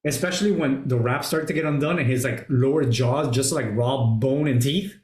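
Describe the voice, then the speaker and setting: A man hosting a casual movie review chat, retelling scenes excitedly and swearing a lot. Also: medium pitch, fairly quick. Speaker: podcast host. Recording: roomy echo.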